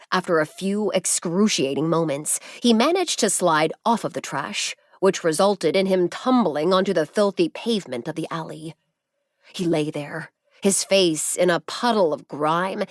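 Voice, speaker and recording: Her voice runs somewhat low as she tells an audiobook story in a calm, even way. The studio sound is clean, with no trace of the room.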